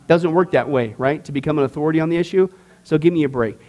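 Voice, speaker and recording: Bible class teacher, a man with a somewhat high voice, informal and emphatic, quizzes his group. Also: fast, darkish tone, lo-fi sound. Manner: emphatic, joking, asks the class questions.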